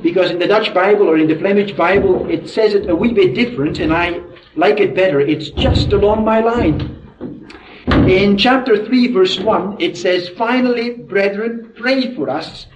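A man's voice: high-pitched, normal speed, noisy background. A man preaching a sermon, praying earnestly and then building to emphatic, repeated points. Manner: earnest, rises to emphatic repetition. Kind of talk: sermon with opening prayer. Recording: distant, echoey, dull old sermon recording.

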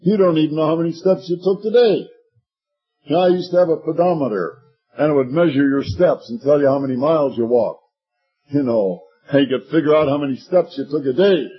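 A man in his sixties preaching a sermon, swinging from hushed, drawn-out words to shouting. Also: fairly high pitch, breathy edge, dull audio. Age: 60s.

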